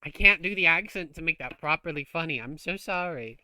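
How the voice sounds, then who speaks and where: A man's voice: fairly high pitch, expressive, a little fast, bright, forceful tone, no echo. A man streaming a game, chatting casually while he plays, joking and swearing freely. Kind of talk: casual gameplay chat.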